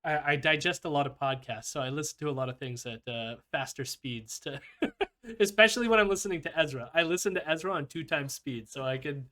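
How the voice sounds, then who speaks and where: A man's voice: fairly high pitch, brisk, pushed and bright. A man hosting a podcast in casual chat, rambling loosely with lots of fillers and easy laughter. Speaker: podcast host.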